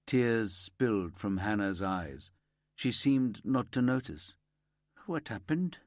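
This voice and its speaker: Slow, somber male audiobook narrator. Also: fairly low pitch, expressive, no echo, clean studio sound. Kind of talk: scripted narration.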